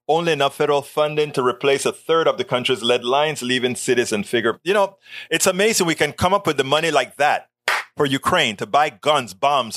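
A man hosting a political talk show, reading news articles aloud and breaking off into animated, sarcastic asides. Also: on the high side, no room sound. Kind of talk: live-stream commentary reading news.

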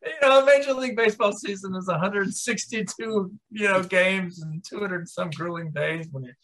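A man's voice: high voice, normal speed, a bit bright, poor audio. A man in his forties, co-hosting a podcast, tells a rambling story and laughs along the way. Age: 40s. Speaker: podcast co-host. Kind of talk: casual podcast chat.

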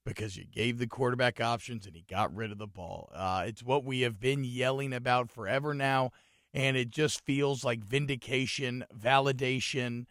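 Casting: male sports podcast co-host, mid-pitched, dry close sound, animated and loud when excited. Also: normal speed, no room sound. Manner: animated, rising to excited shouting. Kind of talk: casual sports talk.

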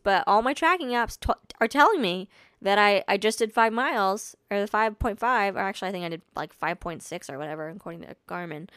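A young woman hosts her own podcast and chats through a personal story in a loose, self-deprecating way, laughing at herself often. Her voice is smooth and clear at a middle pitch, and it sounds close and dry with no room around it. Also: a bit bright, no echo. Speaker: podcast host. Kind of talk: casual solo storytelling. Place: home.

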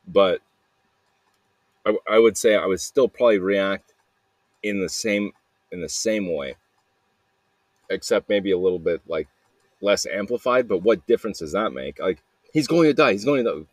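A man's voice: low-pitched, a little slow, pauses often, no room sound. A man hosting a podcast, rambling through a personal monologue with frequent swearing and flashes of anger. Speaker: podcast host.

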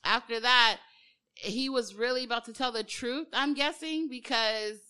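A woman's voice: a little high, unhurried, bright, forceful tone, clean tone. A woman co-hosting a casual movie discussion, chatting and laughing easily as she recounts scenes. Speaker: podcast co-host.

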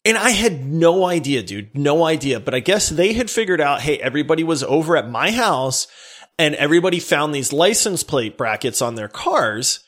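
A man from Louisiana telling a story in casual podcast chat, laughing and acting out quotes loudly. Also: on the high side, normal speed. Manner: animated, laughs through his story, acts out quotes loudly.

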